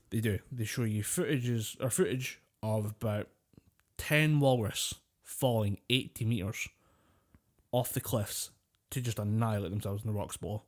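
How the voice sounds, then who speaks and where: A man's voice: fairly low pitch, moderate pace. A man co-hosting a podcast, telling stories in loose, casual chat. He rambles, swears freely and often breaks into laughter. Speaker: podcast co-host.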